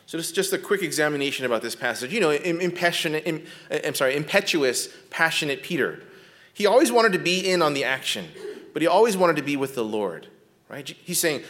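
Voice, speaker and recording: A man teaching biblical counseling in a conversational lecture, often checking in with his listeners and speaking gently when he talks about compassion. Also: a little high, expressive, brisk. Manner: often checks in with a tag question "right?"; drops to a soft, gentle tone when describing compassion.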